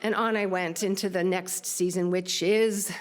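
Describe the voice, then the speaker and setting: A middle-aged woman telling a lively, self-mocking personal story on stage, laughing at herself as she goes. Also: on the low side, moderate pace. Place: theater stage. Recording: stage talk with long hall reverb.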